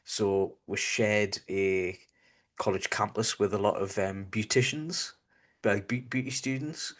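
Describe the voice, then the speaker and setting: Man, northern english accent, lowish voice, relaxed casual storytelling, lots of ums. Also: a little slow. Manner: relaxed storytelling with many fillers. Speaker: podcast co-host. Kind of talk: casual chat.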